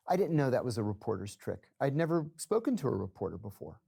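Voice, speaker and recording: A man, a former intelligence officer, telling his story in an interview at a steady, deliberate pace. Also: medium pitch, vocal fry, slightly rough.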